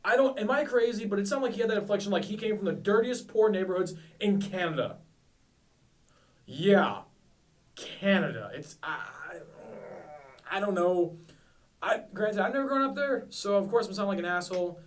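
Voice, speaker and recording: A young man co-hosting a casual podcast, his voice sitting somewhat high for a man. He rambles and corrects himself often and jokes at his own expense. The mic is some distance away, which makes him sound slightly far off. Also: expressive, a little fast. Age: 20s. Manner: rambling, self-deprecating, lots of restarts. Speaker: podcast co-host. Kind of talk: casual chat.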